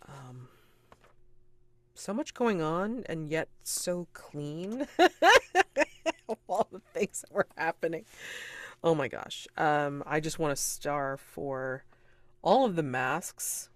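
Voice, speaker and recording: A game master closing out a tabletop session with loose, excited rambling, full of "like" and "um". The voice sits at an ordinary middle pitch. It is recorded dry and close, with no room sound. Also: takes it slowly, pauses often, dry recording. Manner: rambling, enthusiastic, with many fillers and laughs.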